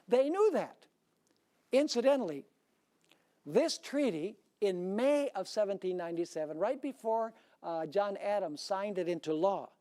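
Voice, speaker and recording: A man's voice: high-pitched, a little mellow. A male pastor delivering a sermon, preaching emphatically and often checking in with the congregation through rhetorical questions.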